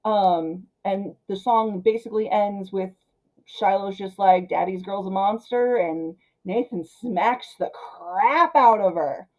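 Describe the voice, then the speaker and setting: A woman reviewing a film in a chatty, animated way, full of fillers like "um" and "like.". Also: medium pitch, takes it slowly, rough recording.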